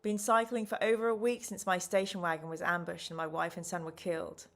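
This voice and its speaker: A woman putting on a gruff, wary male survivor. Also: fairly low pitch, level tone, brisk, close to an everyday voice. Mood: grim.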